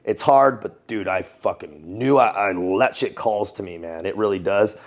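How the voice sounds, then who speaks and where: Gravelly, animated American man telling stories. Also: fairly low pitch, moderate pace. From United States. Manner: animated, profane, laughing, calls everyone dude. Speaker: guest, former Navy SEAL and Foreign Legionnaire. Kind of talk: casual interview storytelling.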